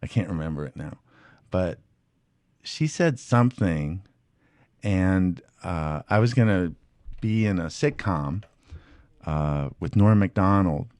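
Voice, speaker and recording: A man's voice: low-pitched, takes it slowly, long pauses, no room sound, clean studio sound. A middle-aged man chatting as a guest, telling stories and acting out quotes in a raised voice. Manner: animated storyteller, acts out quotes in a raised voice. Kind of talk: casual chat.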